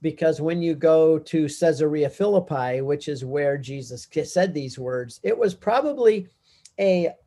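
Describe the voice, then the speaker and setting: Guy teaching bible stuff on a talk show, kinda high voice but mellow, gets worked up. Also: a little slow. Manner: animated storytelling, rising pitch when stressing points. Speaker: Catholic speaker and pilgrimage guide.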